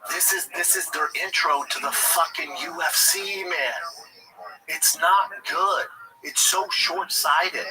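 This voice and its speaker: A man's voice: high voice, low-quality recording. A man hosting a livestream, delivering a blunt, profane, indignant rant about a sport. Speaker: livestream host. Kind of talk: heated commentary rant.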